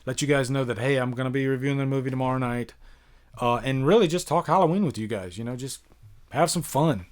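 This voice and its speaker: A man's voice: medium pitch, quick pace. A man from the United States hosting a casual live-stream Q&A, chatty and rambling as he answers viewers. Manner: rambling and chatty, many fillers, reads out viewer questions. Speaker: YouTube horror movie reviewer, live stream host.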